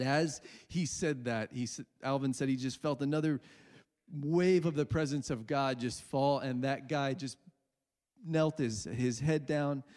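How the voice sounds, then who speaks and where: A man's voice: medium pitch, darkish tone. A man preaching a sermon, earnestly retelling a story with quoted dialogue. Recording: long hall reverb.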